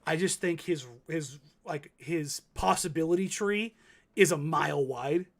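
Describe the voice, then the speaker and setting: This thirties-aged man co-hosts a laid-back sports talk show, his slightly high voice carrying vocal fry at a measured pace. He tells stories in a rambling way, packed with fillers and restarts.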